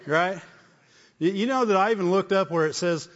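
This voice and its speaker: High-pitched guy preaching a sermon, keeps saying amen?, dull sound with a long hall echo. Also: moderate pace, fairly bright tone. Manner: exhorting, repeating phrases, frequent "Amen?".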